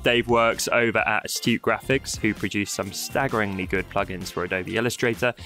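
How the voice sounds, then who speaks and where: A man's voice: lowish voice, steady tone, a little fast, sharp tone, soft background music. A man with a British accent hosting a podcast, upbeat and playful, teasing his guests. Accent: British English. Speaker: podcast host. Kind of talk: upbeat podcast chat with jokes.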